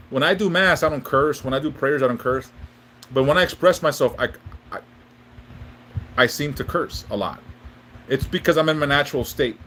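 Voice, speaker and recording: A man with a voice on the high side and a fairly bright tone hosts a casual livestream, chatting with viewers and giving spiritual readings. He rambles, restarts often, and swears freely, with a little hiss or hum in the background.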